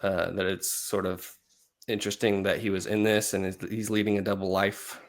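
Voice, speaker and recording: A man with a low voice talks casually about a film on a podcast. He is agreeable, chimes in often and keeps an easy, chatty tone. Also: flat delivery, normal speed. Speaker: podcast co-host. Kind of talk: casual chat.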